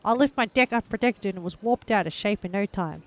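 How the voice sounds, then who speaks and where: A woman putting on an overexcited pitchwoman's voice to read out a deck sealant advertisement with loud, emphatic infomercial delivery. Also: fairly quick, lightly acted. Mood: hammy salesy.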